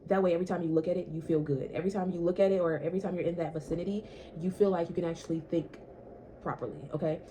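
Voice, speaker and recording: A woman's voice: fairly low pitch, fairly even intonation, rapid-fire, mellow, slight background noise. A young woman chatting casually to camera in her small apartment, repeating herself and swearing now and then. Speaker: vlogger.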